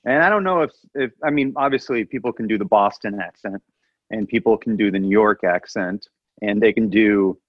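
A man's voice: on the low side, fairly quick, no echo. Podcast co-host, American man from the Midwest, loose rambly delivery, dry lo-fi recording. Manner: rambling, restarts and muses aloud. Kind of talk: casual chat.

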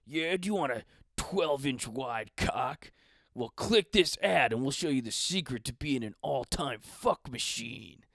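A hyped-up pitchman oversells in a booming voice, leaning on stretched-out words, as a man mocks him. The recording is close and dry. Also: expressive, a little slow, vocal fry, fairly bright tone, dry recording, heavily acted. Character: pushy male late-night ad pitchman, hyped.

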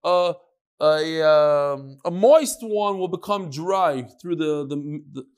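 A man with a somewhat high voice leads an informal Talmud class. He talks in a chatty, loose way and drops joking asides. He mixes Hebrew and Yiddish terms into his English. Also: slow, smooth. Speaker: Talmud teacher. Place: room with a small class.

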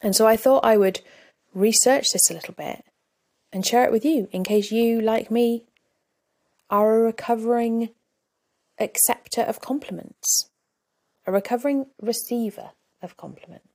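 Woman podcast host, coach, chatty and reflective, some vocal fry. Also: fairly high pitch, moderate pace, pauses often, warm tone. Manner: candid, reflective, conversational. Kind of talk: solo podcast talk.

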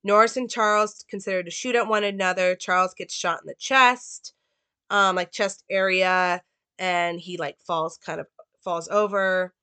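A woman's voice: lowish voice, steady tone, measured pace, bright, forceful tone, smooth, no room sound. A woman giving a casual analysis and plot recap of a film, talking loosely with many "like" and "um" fillers.

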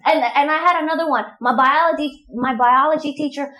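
A woman talks in a loose, chatty way, full of fillers and quick bursts of laughter. Her voice sits a little high and rings out in a roomy, echoing space. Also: sharp tone. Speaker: podcast co-host. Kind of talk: casual chat.

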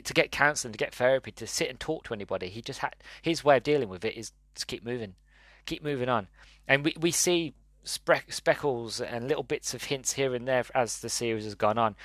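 A man's voice: medium pitch, fairly bright tone, dry recording. Earnest man reviewing, voice wavering. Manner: earnest, restarts often, voice wavering with emotion. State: emotional, close to tears. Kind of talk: emotional video review.

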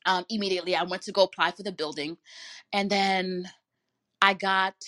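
A woman's voice: medium pitch, steady tone, normal speed, a bit bright. A woman casually telling a personal story to her viewers, acting out quoted dialogue and laughing now and then. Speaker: vlogger.

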